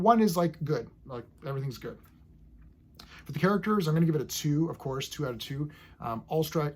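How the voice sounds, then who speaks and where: A man's voice: medium pitch, creaky, a little mellow, breathy edge. A man casually reviewing a TV episode, rambling enthusiastically and acting out scenes as he goes.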